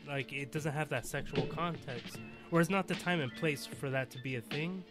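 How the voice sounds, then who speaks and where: A man thinking out loud in a casual chat, stumbling through filler words and restarts. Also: on the high side, music in the background. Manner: halting, full of fillers like "you know" and "like".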